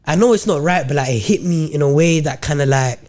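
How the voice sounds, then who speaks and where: A man's voice: fairly high pitch, quick pace, slight background noise. Slangy young man telling a story. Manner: animated and slangy, acts out his own quoted thoughts. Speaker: podcast co-host. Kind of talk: casual faith storytelling.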